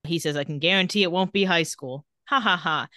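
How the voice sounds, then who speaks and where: Woman recapping a show, low dry voice. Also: brisk, dry recording. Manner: retells scenes and reads quotes in a flat voice. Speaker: podcast co-host. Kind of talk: casual recap chat.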